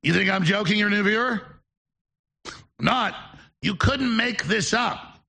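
A man hosting a call-in talk show, delivering a sarcastic rant with shouted outbursts. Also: high-pitched, a little slow, vocal fry. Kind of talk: ranting call-in show monologue.

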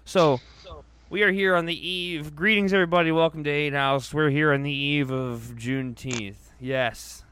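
A man's voice: fairly high pitch, steady tone, moderate pace, fairly bright tone, a little hiss or hum. A male podcast host in casual, profane chat who laughs often. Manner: crude, laughs often, swears freely.

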